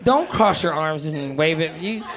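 A man's voice: a little high, animated, a little slow, music in the background. A man from Atlanta doing a brash, cocky stand-up set, teasing the crowd. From Atlanta, USA. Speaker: stand-up comedian. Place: comedy stage. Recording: live club with loud crowd and noise.

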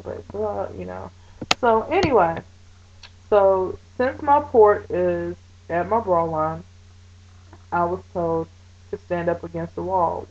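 A woman talking casually to her camera, chatty and animated, with many fillers as she retells her day. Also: fairly low pitch, lo-fi sound. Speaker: vlogger.

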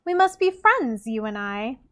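A woman's voice: a little high, sing-song, unhurried, pushed and bright, heavily acted. A woman reading as a coy, scheming court lady. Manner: coy, sugary, read aloud.

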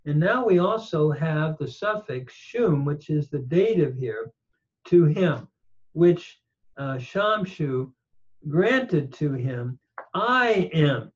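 Slow, deliberate male lecturer, muffled audio. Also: a little high, lively intonation, a little mellow. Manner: measured, pausing, frequent "uh" fillers. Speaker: teacher of ancient languages. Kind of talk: slow lecture with recited quotations. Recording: dull lo-fi audio.

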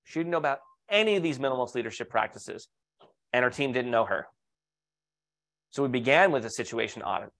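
Presenting to architects in an online webinar, a man coaching on leadership speaks expressively, a little fast, with frequent pauses and a fairly bright, medium-pitched voice. He stays upbeat and persuasive, posing rhetorical questions and sharing stories about clients.

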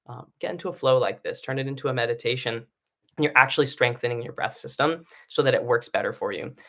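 A male singing teacher talks fast through breathing exercises in a relaxed, conversational lesson, explaining casually with many fillers and frequent "right?" checks between points. His ordinary middle-pitched voice is bright and forward with vocal fry, captured on a live stream setup.

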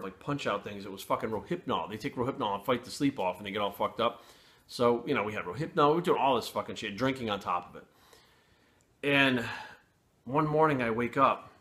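A middle-aged man telling a rambling, profane personal story in a casual vlog. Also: lowish voice. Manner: profane, rambling, animated retelling. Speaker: fitness channel host.

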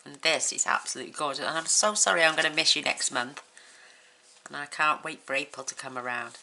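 A woman's voice: low-pitched, a little fast, vocal fry, bright, forceful tone. A woman hosting a crafting channel, chatting casually and gushing with effusive exclamations as she unboxes mail. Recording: noisy room with paper crinkling.

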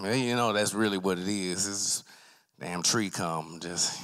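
Loose rambling stand-up man with a bright, forceful voice. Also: low voice, fairly even intonation, moderate pace. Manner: loose, rambling, acts out characters in loud voices. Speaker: stand-up comic. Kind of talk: open mic stand-up set. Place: small arts center stage with a live audience.

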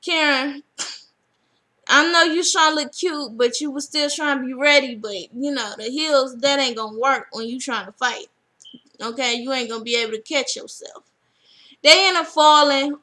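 A young woman casually recapping a reality TV episode, animated and acting out what people said. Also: high-pitched, moderate pace. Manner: animated, acts out quotes.

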